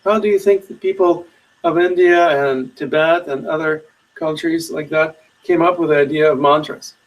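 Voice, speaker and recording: A man teaching meditation in a webinar, giving slow, soothing guided instructions with long pauses. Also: a little high, fairly even intonation, recorded from a distance, lo-fi sound.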